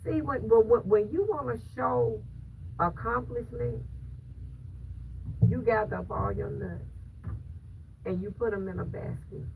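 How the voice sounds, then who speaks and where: Slow gravelly woman chatting to viewers. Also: on the high side. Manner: emphatic, preachy, repeats phrases for stress. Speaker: vlogger. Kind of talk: casual faith-filled chat to viewers. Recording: distant mic with loud background noise.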